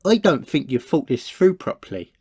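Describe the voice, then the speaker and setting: Man doing a timid young cartoon roommate, mellow voice, swinging pitch, dry recording. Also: big pitch swings, moderate pace, husky, no room sound. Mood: worried. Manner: hesitant, stammering when cornered. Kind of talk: cartoon voice acting.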